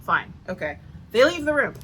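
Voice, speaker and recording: A woman's voice: fairly high pitch, sing-song, normal speed, a bit bright, a little hiss or hum, poor audio. A woman giving a casual, sarcastic book review rant, swearing often and filling her talk with "like.". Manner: profane, sarcastic, heavy filler use.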